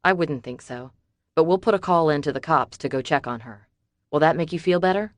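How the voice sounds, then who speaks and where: A woman reading a calm protective man. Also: low-pitched, a little fast, no echo, lightly acted. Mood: steady. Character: steady protective man on guard.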